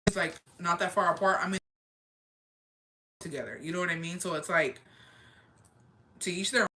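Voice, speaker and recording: Candid young woman chatting, bright and forceful. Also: on the low side, normal speed. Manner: candid, swears freely, drops Spanish phrases; emphatic, repeats phrases. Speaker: livestream host. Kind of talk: casual chat answering viewer comments.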